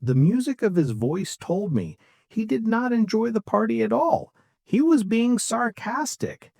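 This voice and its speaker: A man co-hosting a podcast for English learners, explaining intonation slowly and clearly and acting out examples. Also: sits high, big pitch swings, a little mellow, no room sound, studio quality. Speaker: English teacher, podcast co-host. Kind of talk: scripted English lesson.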